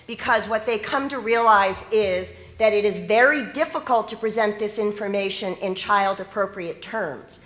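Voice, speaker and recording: Bright-voiced woman presenting in an echoey hall. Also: mid-range voice, moderate pace, few pauses. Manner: earnest, engages audience with questions. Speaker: teacher educator. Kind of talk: conference presentation. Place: conference hall. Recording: echoey conference room.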